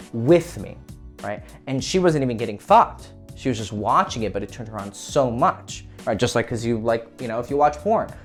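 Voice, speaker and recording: A man hosting a dating advice talk, speaking casually, frankly and explicitly. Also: medium pitch. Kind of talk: casual monologue.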